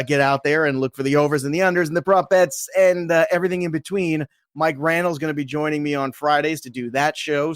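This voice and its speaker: A man co-hosting a sports podcast with energetic, playful hype-man delivery. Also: on the high side, no room sound, clean studio sound. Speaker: podcast co-host. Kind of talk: hyped podcast chat.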